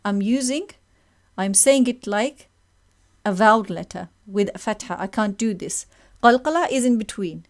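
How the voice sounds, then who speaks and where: A woman teaching a recitation lesson, explaining slowly and patiently and demonstrating the sounds herself. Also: mid-range voice. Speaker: tajweed teacher. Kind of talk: online lesson with recitation examples.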